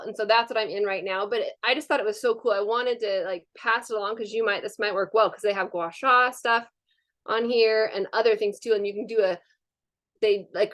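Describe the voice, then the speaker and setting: A woman's voice: mid-range voice, fairly bright tone. A woman presenting a live online wellness workshop over a video call, chatty and upbeat with frequent fillers.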